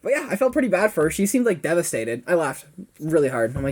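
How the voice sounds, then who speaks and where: A man's voice: fairly high pitch, big pitch swings, quick pace, a little mellow. A young man co-hosting a podcast, chatting casually and telling rambling, playful stories with acted-out dialogue. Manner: rambling, playful storyteller, acts out quoted dialogue. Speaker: podcast co-host. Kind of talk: casual chat.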